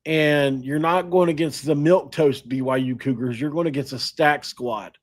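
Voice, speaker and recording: A man's voice: a little high, steady tone, moderate pace. A man hosting a sports podcast, talking casually and in a rambling, self-deprecating way with frequent laughs. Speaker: podcast host.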